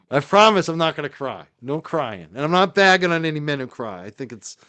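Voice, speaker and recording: A man's voice: on the high side, very animated, moderate pace, bright, forceful tone. Emotional, grateful man hosting a livestream. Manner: emotional, grateful, then indignant. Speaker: podcast host. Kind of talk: casual livestream talk.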